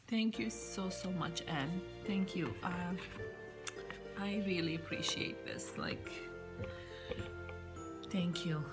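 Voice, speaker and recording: A woman vlogging as she unboxes gifts, gushing over each one and often dropping to a soft whisper. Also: on the low side, steady tone, takes it slowly, rough recording. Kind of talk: unboxing chat to camera. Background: background music.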